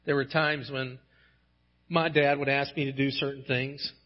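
Man, pastor, sermon, earnest, impassioned emphasis, husky tone, muffled lo-fi audio. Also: medium pitch, flat delivery, unhurried. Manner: earnest, rising to impassioned emphasis when quoting scripture.

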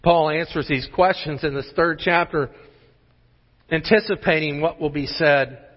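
A man's voice: fairly high pitch, measured pace. A man preaching a sermon as pastor, emphatic and full of rhetorical questions. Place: church sanctuary. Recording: muffled sermon audio in a large hall.

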